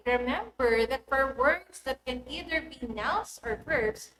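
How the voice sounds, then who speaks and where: A woman teaching an online English lesson, speaking in a clear and deliberate instructive manner. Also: sits high, fairly bright tone. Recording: echoey room with faint noise.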